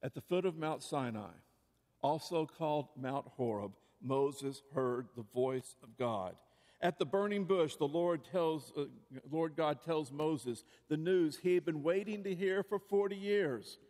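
A man preaching in an earnest, questioning style, his voice sitting somewhat high. Each phrase rings on in a long reverb, like a large hall. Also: animated, measured pace, a little mellow. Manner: earnest, rhetorical, repeated questions. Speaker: pastor. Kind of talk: sermon.

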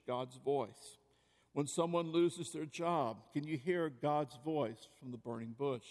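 A man preaching in an earnest, questioning style, his voice sitting somewhat high. Each phrase rings on in a long reverb, like a large hall. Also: darkish tone. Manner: earnest, rhetorical, repeated questions. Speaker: pastor. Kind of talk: sermon.

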